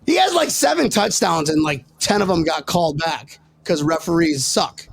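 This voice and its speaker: A man hosting a sports podcast, talking in excitable, teasing casual banter and joking his way through arguments. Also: on the high side, normal speed, vocal fry, breathy edge. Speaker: podcast host.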